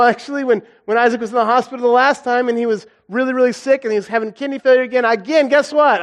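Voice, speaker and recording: A man in his thirties giving an earnest, conversational sermon built around a personal story, with his feeling rising and falling as he talks. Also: sits high. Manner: earnest, conversational, emotional swings. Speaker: guest preacher.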